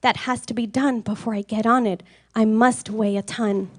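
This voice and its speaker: Brief: woman voicing a loyal male elephant, steady and earnest, dry close sound. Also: a little high, moderate pace, no echo, lightly acted. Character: faithful gentle male elephant.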